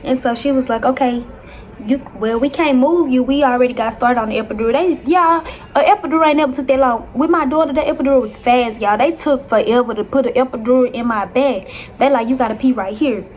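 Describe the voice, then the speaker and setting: Animated young woman telling a storytime. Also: high voice, fast talker. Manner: animated, dramatic retelling with constant "y'all". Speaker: vlogger. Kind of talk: casual storytime to viewers.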